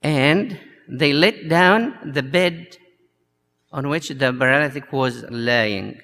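A man preaching a sermon as a priest, slow and halting with many fillers. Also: a little high, sharp tone. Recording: long hall reverb.

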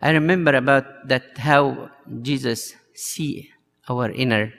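Slow, gravelly preaching priest. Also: male voice, mid-range voice, a bit bright. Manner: slow and halting, many uh fillers, acts out the story's voices. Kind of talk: sermon. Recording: long hall reverb.

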